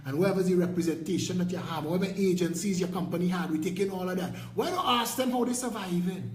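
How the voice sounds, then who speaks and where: A Trinidadian man with a high voice delivers a fiery political rant, preachy and mocking by turns. He sounds like he's in an echoey room. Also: darkish tone. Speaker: political party leader. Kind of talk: impassioned video rant.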